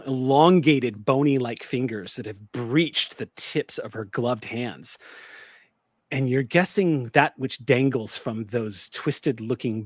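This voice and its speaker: A man as game master, narrating a tabletop game with vivid, deliberate description. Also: medium pitch, dry recording, clean studio sound.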